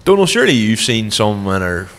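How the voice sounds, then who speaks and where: A man's voice: lowish voice, big pitch swings, a little fast, fairly bright tone. A man hosting a podcast, chipping in short replies and wry asides. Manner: laid-back listener with short backchannels and wry asides. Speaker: podcast host. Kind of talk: casual chat.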